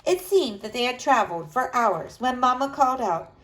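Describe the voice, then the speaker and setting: A woman narrating a storybook aloud in an expressive, dramatic way. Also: on the high side, normal speed.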